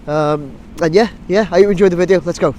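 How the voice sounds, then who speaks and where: A man's voice: high voice, fast talker, mellow. Bunged-up man vlogging outdoors. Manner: rambling, many ums and restarts. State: blocked nose from a cold. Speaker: drone vlogger. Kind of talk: casual outdoor vlog chat. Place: outdoors by a busy building site. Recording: faint outdoor site noise. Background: faint site and traffic noise, wind.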